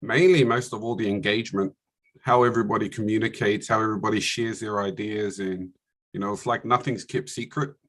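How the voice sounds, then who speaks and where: A man's voice: on the low side, fairly even intonation, fairly quick. A man with a New Zealand accent, a prize winner chatting casually on a video call, laid-back and often laughing. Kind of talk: casual chat.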